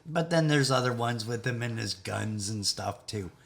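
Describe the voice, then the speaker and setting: A man's voice: medium pitch, animated, moderate pace, vocal fry. A man talking in a rambling spiritual monologue, laughing now and then and sometimes dropping to a whisper. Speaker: video host.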